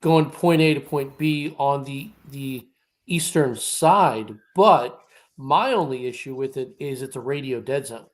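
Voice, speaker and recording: A man in casual podcast chat, defending himself while reasoning out loud with repeated starts. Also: mid-range voice, unhurried.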